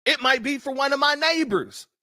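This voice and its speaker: An American man hosts a news commentary show, speaking bluntly and profanely in a casual way while recounting childhood stories. His voice is extremely high, bright and forceful, at a moderate pace. The studio sound is clean, with no room echo.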